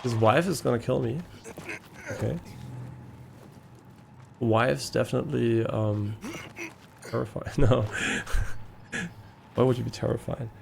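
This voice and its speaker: Male streamer with a German accent, easygoing and halting, with a gravelly texture. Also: mid-range voice, slight background noise. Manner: musing, hesitant, many ums and restarts. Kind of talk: casual live-stream chat while gaming.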